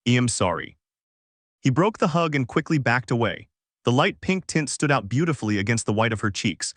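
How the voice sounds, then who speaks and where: A man narrates a fanfic story in a steady, even reading voice at a middling pitch. The sound is dry and close, with no room echo. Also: a little fast.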